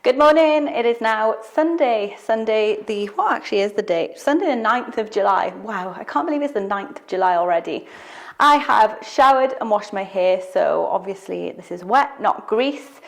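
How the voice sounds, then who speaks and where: A woman's voice: medium pitch, lively intonation, moderate pace. Woman, young adult, chatty vlog talk, rambling, self-deprecating asides. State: out of breath after cardio. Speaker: vlogger. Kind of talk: casual vlog to camera.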